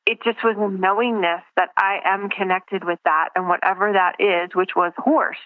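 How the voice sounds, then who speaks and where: In a relaxed phone interview, a woman guest thinks aloud, groping for words and starting her sentences over. Her mid-range voice keeps a steady tone at normal speed, and the line sounds tinny and dry.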